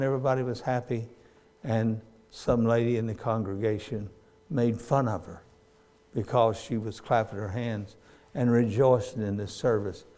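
An older man, preaching a sermon in a folksy storytelling way that breaks into sudden loud cries. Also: mid-range voice.

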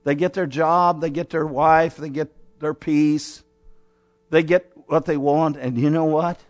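A man preaching a sermon as pastor, telling the story dramatically and swinging between raised exhortation and quiet, close asides. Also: on the high side, fairly even intonation, a little slow. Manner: dramatic storytelling, acting out scenes.

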